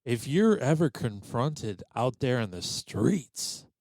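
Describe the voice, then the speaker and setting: A man's voice: medium pitch, big pitch swings, slow pace, a little mellow. A man hosting a comedy podcast, ribbing his co-host with sarcastic, mock-indignant banter.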